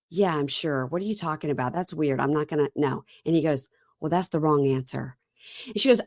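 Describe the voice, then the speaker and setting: A woman's voice: low voice, no echo, studio quality. A woman hosting a podcast, recapping a reality show in casual chat and quoting each scene back and forth. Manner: retells scenes by quoting both sides in her own voice, chatty and animated. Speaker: podcast host.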